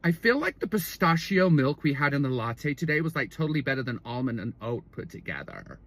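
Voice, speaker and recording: A man voicing a bored young Californian woman who speaks with a croaky vocal fry that trails off at the end of each sentence. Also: medium pitch, big pitch swings, fairly quick, fairly bright tone. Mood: languid. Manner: starts every sentence with "I feel".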